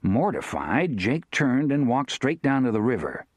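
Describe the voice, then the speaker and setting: A man's voice: mid-range voice, unhurried, no echo. Man narrating a western audiobook. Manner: steady, expressive storytelling.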